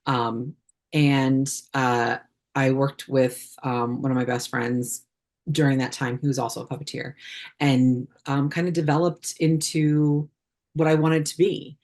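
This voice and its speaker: A woman with a low-pitched voice talks casually as a podcast guest. She wanders through her answers with frequent ums and false starts. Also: flat delivery, a little slow, a little mellow. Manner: chatty, many fillers and restarts. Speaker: puppeteer guest. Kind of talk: casual interview chat.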